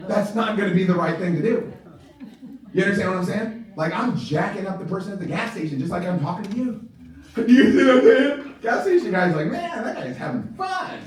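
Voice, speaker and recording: High, lively man in an echoey room. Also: normal speed. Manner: animated, keeps checking in with the audience; laughs often while talking. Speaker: sales trainer. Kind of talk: live training talk to a group. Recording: very echoey room, far from the mic.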